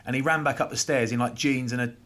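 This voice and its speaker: A man, former rugby player, co-hosting a podcast and telling stories in lively casual chat. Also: mid-range voice. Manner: animated anecdote telling with quick voice impressions.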